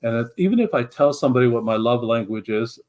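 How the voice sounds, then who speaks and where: A man's voice: mid-range voice, expressive, quick pace, a little mellow. A middle-aged man, a guest in an interview, telling his story in an earnest, reflective way with frequent restarts. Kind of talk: conversational storytelling.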